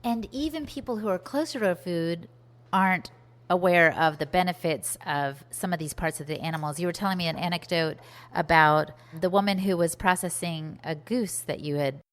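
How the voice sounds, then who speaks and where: A woman hosting a podcast, prompting her guest with relaxed conversational questions. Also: fairly low pitch, normal speed, long reverb tail. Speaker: podcast host. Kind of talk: interview questions.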